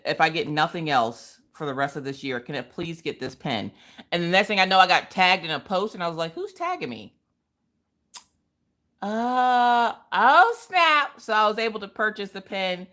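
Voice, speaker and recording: A woman's voice: on the low side, brisk, bright, forceful tone. A woman, hosting a casual live craft stream, greeting viewers by name and laughing often.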